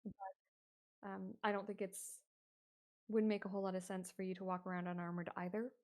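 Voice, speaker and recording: A woman narrating as game master of a tabletop game in a relaxed, hesitant way. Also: mid-range voice, moderate pace.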